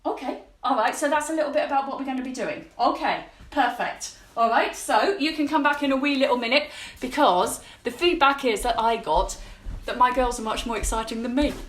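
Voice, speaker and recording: A woman's voice: high voice, a little fast, fairly bright tone, roomy sound. A woman hosting a casual live stream from her home kitchen, chatty and upbeat, greeting viewers by name. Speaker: host of a live cleaning-product show.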